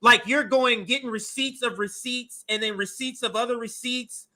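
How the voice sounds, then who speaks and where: A man's voice: very high-pitched, steady tone, normal speed, hardly any pauses, pushed and bright. A man co-hosting a video reaction show, mocking and incredulous about what he watches. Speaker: commentary co-host.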